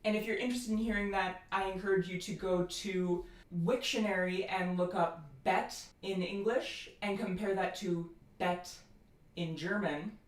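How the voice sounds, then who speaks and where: A woman with an American accent giving a phonetics lecture, explaining and slowly demonstrating vowel sounds. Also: medium pitch, steady tone, reverberant. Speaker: language teacher.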